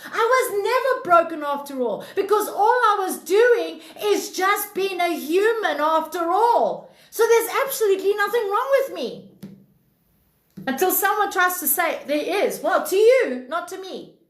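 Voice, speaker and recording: A woman hosting a self-help livestream with a high voice, blunt and preachy and swearing freely as she reads out comments. Her voice rings in an echoey room. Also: a bit bright. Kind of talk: livestream talk reading comments.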